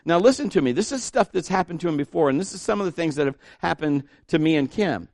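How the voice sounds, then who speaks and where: Animated man preaching a sermon. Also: on the high side, quick pace, no room sound, studio quality. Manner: animated, acts out dialogue, shifts between loud and hushed. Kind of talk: sermon storytelling.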